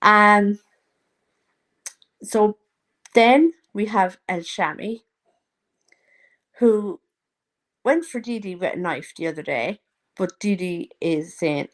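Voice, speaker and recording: A woman's voice: mid-range voice, takes it slowly, long pauses, fairly bright tone. A woman chatting casually to her viewers in a gossipy, teasing way, now and then putting on mocking voices. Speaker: vlogger. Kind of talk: casual chat to a live audience.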